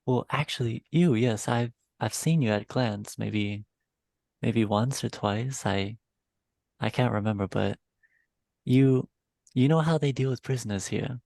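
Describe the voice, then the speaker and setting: A man voicing a polite, formal young gentleman who speaks courteously in an online tabletop game. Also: mid-range voice, unhurried, creaky, no room sound. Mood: pleading. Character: polite well-spoken young man, denying being royalty.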